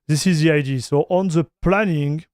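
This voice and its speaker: A man with a French accent hosts a relaxed livestream, greeting his chat by name and tossing in bits of French and Spanish. His voice sits high and clean. He takes his time, and the sound is close and dry. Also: moderate pace, clear, resonant tone, dry recording. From North America. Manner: chatty, greets viewers by name, mixes in French and Spanish phrases, laughs often. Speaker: streamer reviewing Linux gaming.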